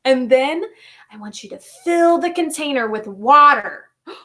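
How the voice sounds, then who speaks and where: A woman teacher reading a picture book aloud and talking gently and encouragingly to young children. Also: high-pitched, lively intonation, measured pace.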